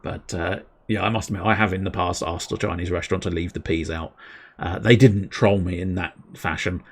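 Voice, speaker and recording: A man with a fairly low voice chats casually on a game livestream. He rambles from topic to topic, plays with silly wordplay and pokes fun at himself. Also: fairly even intonation, a little fast, creaky, slight background noise. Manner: rambling, playful wordplay, self-deprecating. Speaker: streamer.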